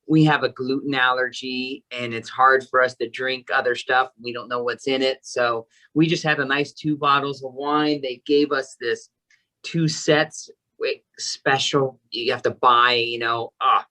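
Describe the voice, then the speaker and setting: Excitable male guest, bright forceful voice, gushing storyteller. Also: medium pitch, a little slow, poor audio. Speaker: casino entertainment coordinator, guest. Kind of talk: casual interview chat.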